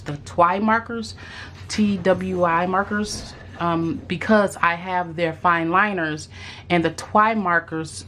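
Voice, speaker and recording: A woman chatting casually about art supplies on her craft vlog, thinking aloud with pauses and restarts. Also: on the low side, a bit bright, slight background noise. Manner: musing aloud, with fillers and restarts. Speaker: craft vlogger. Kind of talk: casual unboxing chat.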